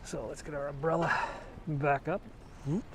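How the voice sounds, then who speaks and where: A middle-aged man strolls a snowy city street and talks casually to his handheld camera. His voice sits a touch high, and he rambles from one anecdote to the next. Faint street noise and passing cars hum behind him. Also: fairly even intonation, normal speed. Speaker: vlogger. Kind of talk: casual walking tour commentary.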